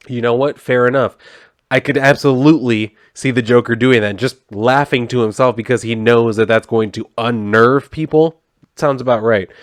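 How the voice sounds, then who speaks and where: A man's voice: medium pitch, no room sound, studio quality. A young man casually recapping a comic book, talking loosely with lots of "like" and some swearing, and lightly acting out the characters' lines as he reads them. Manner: chatty, swears, lots of "like", half-acts the quoted lines. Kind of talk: casual comic recap, reading dialogue aloud.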